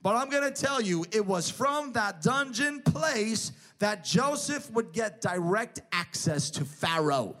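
A man with a notably high-pitched voice delivers an emphatic sermon. He drives each point home with repeated, parallel phrases. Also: animated, a little slow, few pauses, a bit bright, soft background music. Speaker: preacher.

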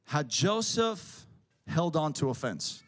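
High-voiced man preaching an emphatic sermon. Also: very animated, slow pace. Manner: emphatic, builds repeated parallel phrases.

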